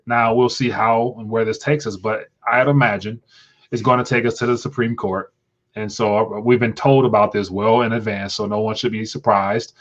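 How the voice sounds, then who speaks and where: A man's voice: lowish voice, lo-fi sound. A man hosting a casual livestream, talking in a rambling way with frequent restarts and stumbles. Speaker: livestream host.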